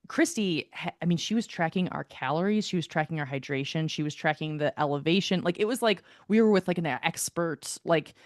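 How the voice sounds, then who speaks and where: A woman co-hosting a podcast, telling a story in a lively, casual way, full of "like" and the odd swear. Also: low-pitched, brisk, hardly any pauses, no room sound, studio quality. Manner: animated storytelling, filler-heavy, swears. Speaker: podcast co-host. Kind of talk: casual chat.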